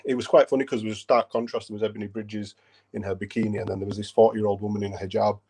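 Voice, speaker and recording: A man's voice: on the low side, little pitch movement, racing, darkish tone, breathy edge. A man in his late thirties chatting about boxing on a podcast, hesitant and full of ums and restarts. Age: 30s. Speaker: podcast co-host. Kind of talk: casual chat.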